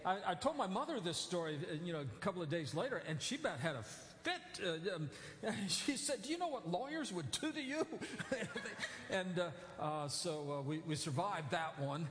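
A man's voice: fairly high pitch, lively intonation, moderate pace, a bit bright, a little hiss or hum. A male pastor giving a sermon in a church, talking in a conversational way with many fillers and self-corrections. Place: church sanctuary. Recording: echoey church hall.

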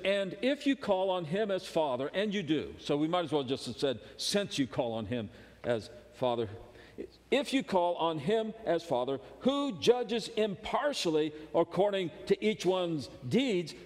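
A man delivers a sermon with a high, ringing voice, pressing his points with emphatic urgency and then dropping to a hushed intensity. The sound carries a long reverb, as if filling a large hall. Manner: emphatic preaching, swinging between loud urgency and hushed intensity. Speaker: pastor.

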